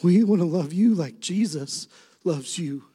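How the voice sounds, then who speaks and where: A middle-aged man preaching a sermon as pastor, swinging between soft, tender passages and emphatic, rising appeals. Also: high voice, unhurried, husky. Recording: long reverb of a large hall.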